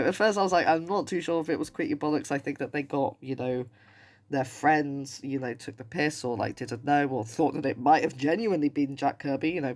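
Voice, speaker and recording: A man hosting a casual reaction commentary, sarcastic and mocking, often laughing. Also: mid-range voice. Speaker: commentary video host.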